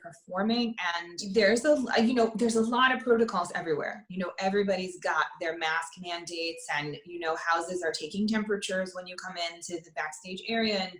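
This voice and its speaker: A woman's voice: lowish voice, brisk, hardly any pauses, reverberant. A woman, an opera soprano, chatting casually in an interview over a video call, laughing often and restarting her sentences. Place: apartment.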